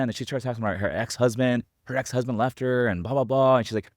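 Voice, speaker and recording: A man's voice: fairly low pitch, quick pace, hardly any pauses, dry recording, clean studio sound. A man hosting a podcast, telling a story in a rambling way with lots of fillers. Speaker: podcast host. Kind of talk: casual interview conversation.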